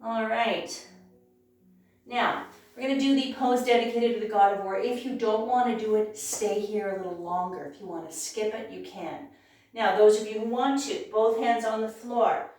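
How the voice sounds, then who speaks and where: A woman leading a yoga class with calm, encouraging cues, sometimes losing her voice. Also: on the high side, moderate pace, faint music behind. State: clearing her throat, losing her voice. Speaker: yoga instructor. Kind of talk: guided yoga class instruction. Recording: very echoey room, voice from far off.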